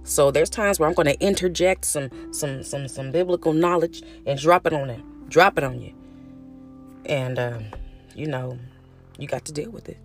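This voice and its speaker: A woman's voice: deep voice, normal speed, faint music behind. A middle-aged woman hosting her own podcast, talking frankly in a casual, chatty way, cussing freely and calling her listeners honey and baby. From California. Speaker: podcast host. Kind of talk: casual solo podcast monologue.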